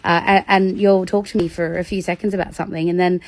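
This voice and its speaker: A woman with a slightly low voice gives a casual, practical talk on handling children. She tells stories animatedly, often breaking into acted-out voices and laughing along the way. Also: quick pace. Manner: animated, acts out examples with big pitch jumps and laughs. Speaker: educator on demand avoidance in children.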